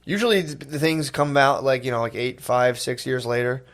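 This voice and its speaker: A man in his thirties co-hosting a comedy podcast, with quick reactions and rambling asides. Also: medium pitch, a bit bright. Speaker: podcast co-host. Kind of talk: casual comedy podcast chat.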